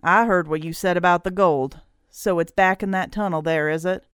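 A woman's voice: lowish voice, steady tone, normal speed, smooth, no room sound, clean studio sound, natural voice. A woman reading an audiobook voices a brutish male gunman who talks in a sneering, mocking way.

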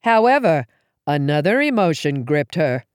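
A woman reading a first-person story aloud in an expressive, dramatic way. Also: low voice, moderate pace, dry recording, studio quality. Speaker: audiobook reader.

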